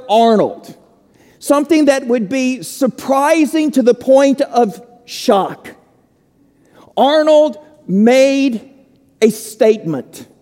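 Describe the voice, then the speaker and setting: A man preaching a sermon slowly and emphatically, with dramatic pauses. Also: very high voice, mellow, long reverb tail. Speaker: pastor.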